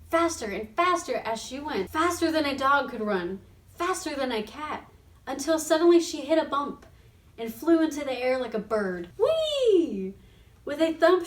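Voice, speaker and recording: Lady reading a kids storybook, really expressive, high voice, roomy far-off sound. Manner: expressive, animated. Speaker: reader of a children's book. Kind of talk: storybook read-aloud on radio. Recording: roomy sound from a distant mic.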